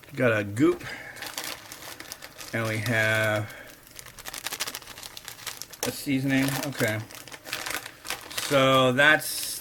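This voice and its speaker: A middle-aged man chatting casually in a rambling, wry way while cooking in his home kitchen. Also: on the low side. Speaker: host. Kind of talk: casual cooking vlog chat. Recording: noisy kitchen with clicks and crinkling.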